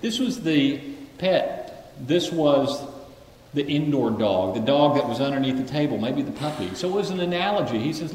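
A man's voice: medium pitch, moderate pace, far from the mic. Man preaching in an echoing hall. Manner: animated, acts out voices of the story characters. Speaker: pastor. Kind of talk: sermon.

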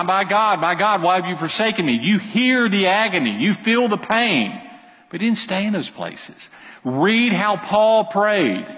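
A man's voice: on the high side, fairly bright tone. A man preaching a sermon in a church, talking conversationally, quizzing the congregation and repeating his phrases. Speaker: pastor. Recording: long hall reverb.

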